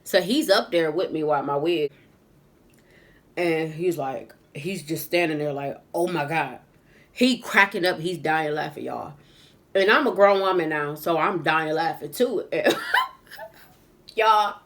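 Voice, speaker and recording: A woman telling a casual storytime vlog story as she does her makeup at home. She is animated and laughs often. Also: sits low, moderate pace. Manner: animated, laughs often, says "y'all" a lot. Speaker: vlogger. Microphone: camera on a tripod.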